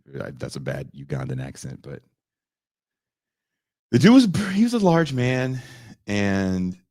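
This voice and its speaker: A man on a podcast telling a story casually, animated and profane, often leaping up in pitch for emphasis. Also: slow pace, dry recording, clean studio sound. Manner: animated, profane, jumps into high voices for emphasis.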